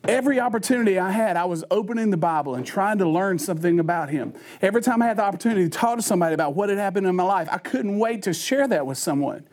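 A man's voice: high-pitched, a little mellow. A man preaching a sermon in a folksy, conversational storytelling manner.

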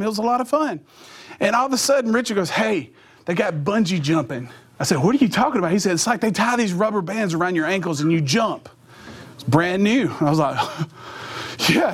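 A middle-aged man speaking to teenagers in a youth sermon. His voice sits fairly high, and he tells stories with energy, acting out sound effects and quoting his friends in their voices. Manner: animated storytelling with voiced sound effects and impressions.

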